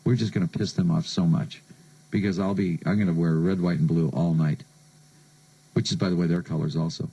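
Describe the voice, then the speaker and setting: A man's voice: low voice, fairly even intonation, a little fast, vocal fry, dark tone, slightly rough, rough recording. A man from the United States hosting a late-night radio show, telling stories and joking sardonically between songs. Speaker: radio DJ host.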